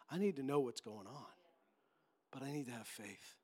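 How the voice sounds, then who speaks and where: A man's voice: medium pitch, expressive, brisk. A man preaching a sermon as pastor, emphatic and impassioned, acting out quotes as he goes.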